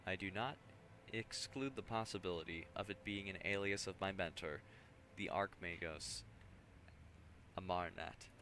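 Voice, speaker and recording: A man's voice: low-pitched, a little slow, pushed and bright, a little hiss or hum. A man voicing a solemn, zealous male tech priest, reading the lines in a formal, stiff way.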